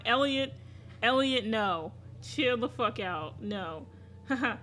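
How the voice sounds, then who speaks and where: A woman's voice: on the high side, takes it slowly, sharp tone, slight background noise. A woman streaming a game, chatting casually, cursing freely and getting flustered. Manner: swears freely, flustered and laughing. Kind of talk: casual live-stream chat.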